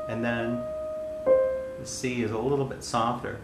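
Male piano teacher, calm and explanatory, mid-range voice, echoey room, loud piano under him. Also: mid-range voice. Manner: calm, explanatory, pauses between played passages. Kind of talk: piano lesson with demonstration. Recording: roomy sound with piano playing.

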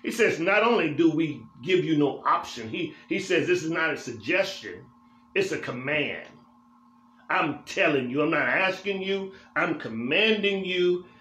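Here the pastor sounds fairly high, animated and sharp, taking an unhurried pace as he teaches Bible study inside the church sanctuary. Roomy echo surrounds his emphatic preaching cadence, in which he repeats phrases for emphasis.

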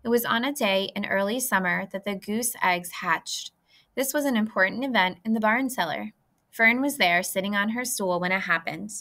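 A woman reading a children's book aloud in a clear, lively way. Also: mid-range voice, moderate pace. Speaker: reader. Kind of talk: storybook read-aloud.

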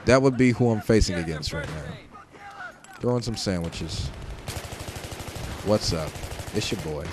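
A man giving casual gameplay commentary, joking and trash talking, swinging between shouts and mutters. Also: medium pitch, slight background noise. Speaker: gaming commentator. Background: game gunfire and explosions.

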